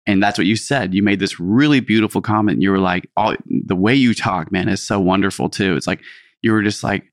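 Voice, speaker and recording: Reflective low-voiced man co-hosting. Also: fairly even intonation, fast, dry recording, studio quality. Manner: reflective, earnest, heavy use of "like". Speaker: podcast co-host. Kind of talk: casual storytelling chat.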